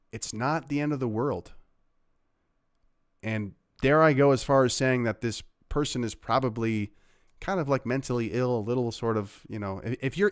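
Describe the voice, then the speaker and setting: A man's voice: fairly low pitch, smooth, no room sound, studio quality. A man hosting a livestream, giving casual, sarcastic commentary on clips he plays, rambling with fillers. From Canada. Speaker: livestream host reacting to clips.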